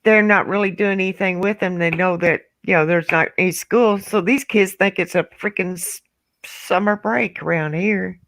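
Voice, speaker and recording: Lady in her middle years, chatty storyteller, bright voice, dry. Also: on the low side, moderate pace, no echo. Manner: animated storyteller, acts out voices. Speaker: trivia night participant. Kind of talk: casual chat, telling a funny story.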